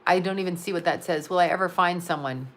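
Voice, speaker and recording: A woman's voice: lowish voice, quick pace. A woman chatting casually on a live stream, rambling and blunt, laughing often and swearing freely. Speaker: psychic and astrologer answering live chat.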